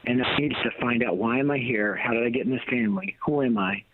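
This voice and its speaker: A middle-aged American ministry leader and author calls into a radio talk show as a guest, sharing a personal testimony about his family. He speaks fast in a mid-range voice, emphatic and blunt with a preacher's cadence, over a tinny phone line with no room sound.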